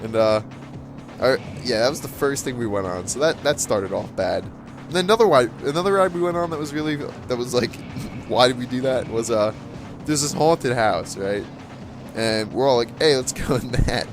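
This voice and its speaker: A man's voice: medium pitch, moderate pace, music in the background. A man casually telling a rambling story with frequent chuckles and fillers, as a gaming channel host. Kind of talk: casual storytelling over gameplay.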